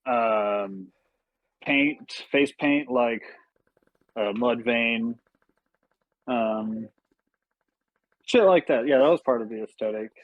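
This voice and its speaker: A man's voice: mid-range voice, slow, long pauses, narrow, tinny audio. A man talking loosely on a podcast, full of fillers and casual swearing. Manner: laid-back, swears freely, many fillers. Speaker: podcast guest. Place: podcast studio.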